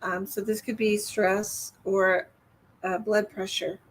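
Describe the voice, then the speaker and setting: A woman's voice: mid-range voice, flat delivery, takes it slowly. A woman giving live psychic readings on a stream, speaking soothingly and calling viewers hun and honey. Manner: soothing, calls viewers hun and honey, reads comments aloud.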